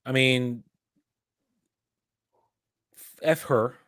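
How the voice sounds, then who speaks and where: Male commentary host, animated ranting delivery, dry close mic, mid pitch. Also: extremely slow, dry recording. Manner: ranting, animated, frequent restarts. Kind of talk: casual commentary chat.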